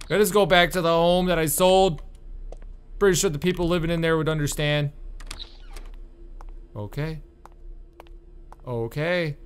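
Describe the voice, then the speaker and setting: A man doing let's-play commentary on a horror game, exasperated and swearing, with sudden loud outbursts. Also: on the high side. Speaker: gaming YouTuber.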